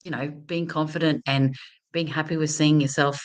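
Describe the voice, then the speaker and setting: A woman's voice: sits low, steady tone, moderate pace. Chatty woman telling a story. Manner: chatty, lots of fillers and restarts, laughs often. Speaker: host of a confidence talk. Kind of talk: casual live talk, storytelling.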